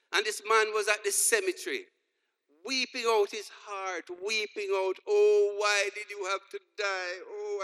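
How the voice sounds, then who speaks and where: A man's voice: high-pitched, pushed and bright. A man preaching a sermon, telling humorous stories and acting out the dialogue. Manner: storytelling with jokes, acting out dialogue. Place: church hall. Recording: long reverb of a large hall.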